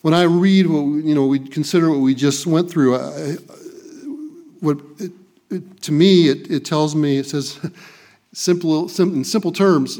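Emphatic preacher with a higher voice. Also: male voice, measured pace, mellow. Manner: emphatic, repeats key phrases, occasional restarts. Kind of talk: sermon with scripture reading.

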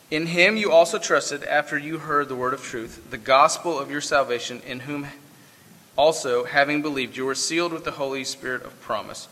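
Guy giving a sermon, bright sharp voice, chatty asides, big echoey church hall. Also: a little high. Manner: conversational, folksy asides with fillers. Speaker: pastor.

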